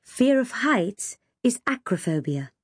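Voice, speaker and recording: A woman's voice: medium pitch, steady tone, moderate pace, dark tone, breathy edge, no room sound, studio quality, lightly acted. A woman voicing a know-it-all teenage schoolgirl who speaks with authority. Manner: authoritative, matter-of-fact.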